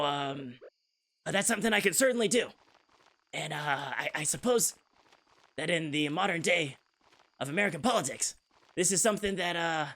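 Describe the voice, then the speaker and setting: A man doing an impression of a measured, statesmanlike male president, speaking with a slow, deliberate cadence, long pauses and drawn-out "uh"s. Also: on the high side, fairly bright tone. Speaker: streamer.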